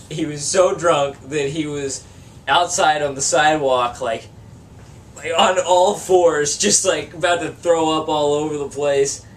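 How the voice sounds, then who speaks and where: A young man telling a rowdy story with lots of swearing and laughter, his voice a bit on the high side. He sits some distance from the mic, with a faint room hum behind him. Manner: rambling and profane, laughing through his story. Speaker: band member. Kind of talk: casual storytelling in an interview.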